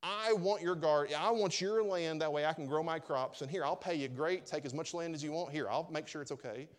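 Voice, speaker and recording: A man's voice: on the high side, a little fast, lightly acted. A man voicing a greedy, petulant king who whines and demands. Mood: demanding. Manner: whiny, demanding.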